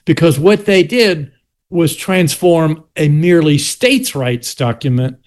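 A man's voice: a little high, expressive, measured pace. An older man from South Carolina with a Southern US accent, a history teacher explaining his argument in an interview with restarts and pointed asides.

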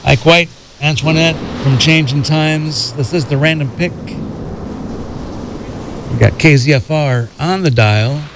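A man's voice: fairly high pitch, measured pace, noisy background. A man working as a radio DJ, back-announcing records in a loose, rambling way with lots of fillers. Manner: relaxed, rambling, many "uh" fillers. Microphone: studio microphone.

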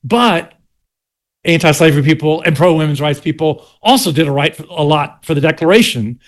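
An older South Carolina man with a Southern US accent speaks in a slightly high voice at normal speed. A history teacher, he explains his argument in an interview, with restarts and pointed asides.

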